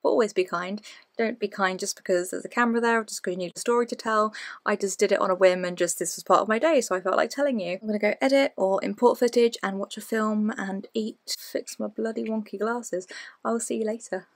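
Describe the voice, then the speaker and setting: A woman's voice: mid-range voice, fairly quick, no echo. A young woman, chatting casually and bluntly to camera in a daily vlog, swearing now and then. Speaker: vlogger.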